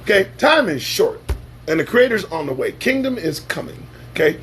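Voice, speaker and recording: A man's voice: sits high, sing-song, normal speed, a bit bright, a little hiss or hum. A man hosting a casual live-stream show, talking in a profane, sarcastic and preachy way. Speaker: livestream show host.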